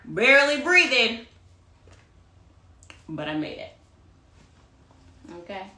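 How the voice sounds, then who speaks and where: A woman's voice: fairly high pitch, big pitch swings, slow pace, bright, forceful tone, echoey room. A woman giving a casual livestream monologue as a tarot reader, sassy and dramatic, tagging her lines with "okay?" and "honey". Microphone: phone livestream.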